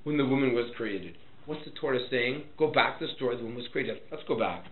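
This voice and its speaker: A man, a rabbi, teaching a Torah class, quizzing his students and swinging between loud and soft. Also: medium pitch, fast, roomy sound, phone-quality sound.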